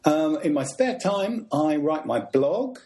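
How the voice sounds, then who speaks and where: Brief: man from the UK, interview guest, mellow dark tone, dry wit, relaxed. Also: fairly high pitch, slow. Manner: dry humor, relaxed, hesitant ums. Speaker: podcast guest. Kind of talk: interview answers.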